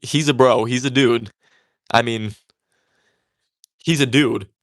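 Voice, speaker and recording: A man's voice: mid-range voice, steady tone, takes it slowly. A young man talking casually about his craft while he works, chatty and a bit defiant, with many fillers and restarts. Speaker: tatting creator.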